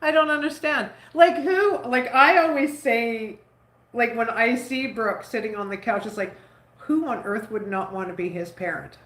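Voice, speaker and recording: Chatty woman with a stuffy nose, roomy echo. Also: on the high side. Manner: rambling, chatty, warm toward her son, many "like"s. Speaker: vlogger. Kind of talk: casual chat while cooking.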